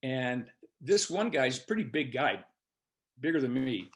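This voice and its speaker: A man's voice: medium pitch, very animated, a little slow. An older man, an instructor, telling a personal story to his class with many hesitations and uhs. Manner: rambling, hesitant, full of uhs.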